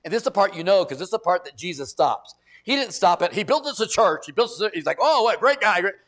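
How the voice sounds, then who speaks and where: A male pastor preaching a sermon, telling folksy stories with quick asides and restarts. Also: sits high, lively intonation, fairly bright tone.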